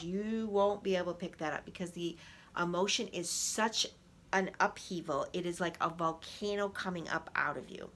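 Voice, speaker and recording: A woman with a bright, forward voice gives a motivational talk as an emotional wellness coach. She speaks straight to her listeners, calling them "people", and slips into animated little performances of angry inner thoughts. Her delivery is lively and coaching rather than formal. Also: on the low side, a little hiss or hum. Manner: direct, addresses listeners as "people".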